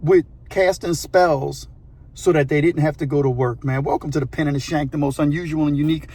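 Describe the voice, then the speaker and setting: Husky man telling a story. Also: a little high, a little fast. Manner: animated, slangy, repeats phrases for effect. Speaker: channel host. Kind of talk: casual storytelling.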